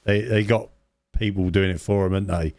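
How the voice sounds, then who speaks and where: A man's voice: low voice, fairly even intonation, fairly quick, a little mellow, dry recording, studio quality. A man co-hosting a podcast, rambling in casual chat, repeating words and adding tag questions. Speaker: podcast co-host.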